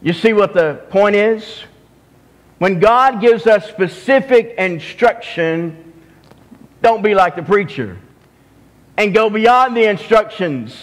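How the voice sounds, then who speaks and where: A man with a Southern US accent preaching a sermon as pastor, slow and deliberate, often restarting his phrases. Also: sits high. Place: church sanctuary. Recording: long hall reverb.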